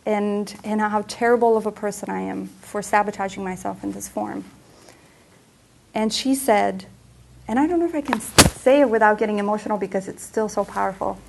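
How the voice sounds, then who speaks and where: A woman's voice: mid-range voice, a little fast, gravelly, a little mellow, slight background noise. A woman coach giving a presentation talk, telling personal stories in an earnest way. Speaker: emotional health coach. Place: center for women presentation room.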